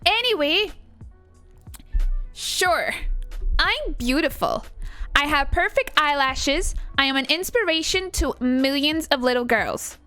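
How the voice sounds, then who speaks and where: A woman's voice: high-pitched, expressive, takes it slowly, pauses often, pushed and bright, faint music behind, voice pushed up, full character voice. A woman voicing a vain, pampered young woman doll with an American accent, bragging in a breezy sing-song monologue. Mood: boastful. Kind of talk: comic character monologue on a live stream.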